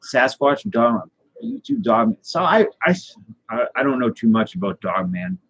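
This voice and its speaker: A man telling a tall tale in a rambling, deadpan way, with many fillers and restarts. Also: mid-range voice, measured pace, gravelly, slightly rough, rough recording. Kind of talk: casual tall-tale storytelling.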